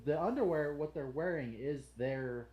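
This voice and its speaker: A man co-hosting a podcast in casual chat, halting and hesitant as he reads and thinks aloud. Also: fairly high pitch, highs cut off, crowd noise. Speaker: podcast co-host. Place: podcast studio. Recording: roomy studio echo.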